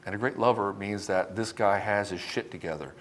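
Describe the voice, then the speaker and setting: A man's voice: lowish voice, a little fast, fairly bright tone, slight background noise. A man coaching other men on relationships, talking straight to the camera in a blunt, confrontational way, swearing often and mimicking the men he criticizes. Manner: mocks men by mimicking them. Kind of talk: direct-to-camera coaching talk.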